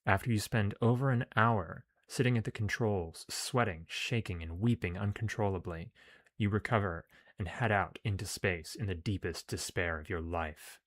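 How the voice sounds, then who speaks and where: Low voiced guy reading game story out loud, casual swearing asides, dead dry sound. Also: moderate pace, dry recording. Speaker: game streamer.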